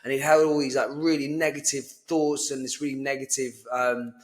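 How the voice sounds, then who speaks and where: A young man talks boxing mindset in a loose, blunt way and swears now and then. His voice sits at an ordinary middle pitch for a man. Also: level tone, brisk. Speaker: boxing coach and podcast host. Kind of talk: casual motivational chat.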